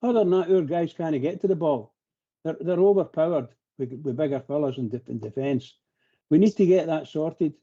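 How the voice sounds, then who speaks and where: A man's voice: fairly high pitch, normal speed, warm tone, muffled recording. A man talking passionately on a live radio phone-in, rambling and repeating himself as he gets worked up. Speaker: phone-in pundit.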